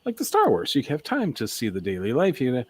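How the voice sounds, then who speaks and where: A man's voice: medium pitch, wildly swooping pitch, fast, slightly rough, dry recording. A man co-hosting a podcast in casual chat, talking hesitantly with many fillers. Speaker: podcast co-host.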